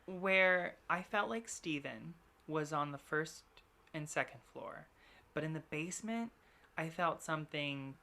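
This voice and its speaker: Low-voiced woman chatting in quick bursts. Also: pushed and bright. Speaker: podcast co-host. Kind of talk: casual chat. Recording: remote long-distance setup.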